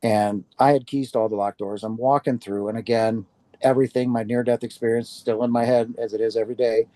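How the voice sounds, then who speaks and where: A man recounts his near-death experience to an audience in a mellow, warm voice. He tells it earnestly and acts out his own reactions along the way. The sound is close and dry, with no room around it. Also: mid-range voice, fairly even intonation, a little fast, dry recording. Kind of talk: personal testimony talk to an audience.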